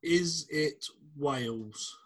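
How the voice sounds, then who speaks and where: A man's voice: fairly high pitch, drawn-out words, fairly bright tone. A man co-hosting a casual podcast, teasing his partner and ranting with plenty of swearing. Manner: teasing, ranty, swears freely. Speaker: podcast co-host. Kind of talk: casual chat.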